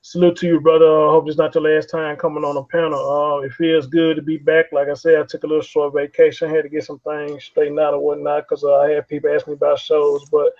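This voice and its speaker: A man's voice: on the high side, completely flat delivery, fast talker, few pauses, a little mellow. Laid-back man hosting a panel. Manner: laid-back, drawling, slangy. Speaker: host. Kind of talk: casual online panel chat. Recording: lo-fi call audio.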